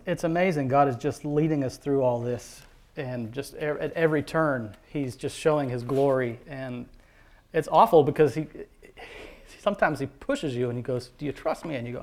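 A man tells a heartfelt personal faith testimony as a father. He speaks in an earnest, devout way, often pausing, restarting and filling gaps with small hesitations. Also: mid-range voice, darkish tone. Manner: earnest, halting, with many fillers and restarts. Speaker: father telling his testimony.

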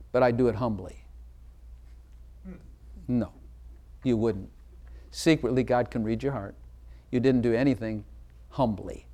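A man's voice: mid-range voice, mellow. A man preaching a sermon in a church, emphatic and asking the congregation direct questions. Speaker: pastor.

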